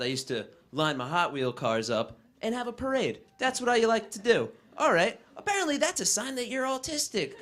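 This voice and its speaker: A young male college comic tells stories onstage in a bright, high, lively voice. His delivery is wry and animated, and a live crowd in the room can be heard behind him. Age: young adult. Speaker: student stand-up comic. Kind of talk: stand-up comedy set.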